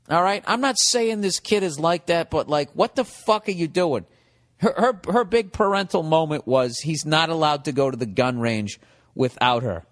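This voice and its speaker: A man's voice: on the high side, moderate pace, in a large hall. Man ranting profanely on a podcast. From United States. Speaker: comedian and podcast host. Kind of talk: comedic podcast monologue.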